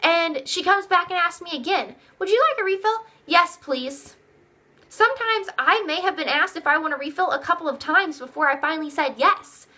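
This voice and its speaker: Bright high-voiced woman coaching her sales team. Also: a little fast, few pauses. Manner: upbeat, repetitive coaching; acts out customers' replies in a raised voice. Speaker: direct sales team leader. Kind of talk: motivational sales training.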